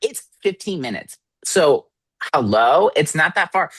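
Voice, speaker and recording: A man co-hosting a podcast in casual chat, animated and swearing, his voice jumping up when exasperated. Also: fairly high pitch, unhurried, breathy edge, dry recording. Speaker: podcast co-host.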